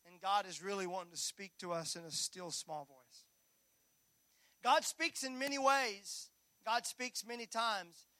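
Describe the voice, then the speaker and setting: A man preaching a sermon as pastor, swinging between loud calls and hushed near-whispers, with folksy asides to the congregation. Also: high-pitched, no echo.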